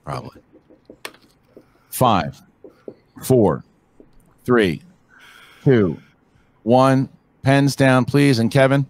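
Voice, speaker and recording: A man acting as quizmaster, reading trivia questions and counting down in a measured way. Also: medium pitch, big pitch swings, darkish tone, a little hiss or hum.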